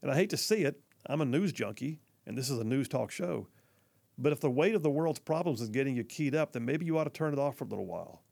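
A male talk show host telling a story, with a gravelly, fry-tinged voice at a middle pitch. His delivery is folksy and earnest, and he speaks straight to his listeners. The recording is close and dry, with no room sound. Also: animated, fast talker, a little mellow, dry recording. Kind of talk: storytelling monologue.

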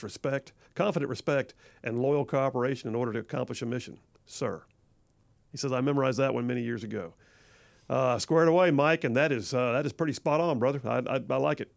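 A man's voice: mid-range voice, gravelly, dry recording. A man hosting a conservative talk radio show, chatting casually and acting out movie quotes with gusto. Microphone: studio microphone.

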